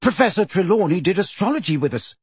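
A man reading an eager teenage schoolgirl in a raised, higher voice for an audiobook. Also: big pitch swings, moderate pace, slightly rough, no echo, full character voice.

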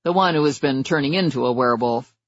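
A man's voice: medium pitch, fast talker, dry recording. A man voicing a police officer who reports details urgently over an earpiece radio. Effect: muffled earpiece voice.

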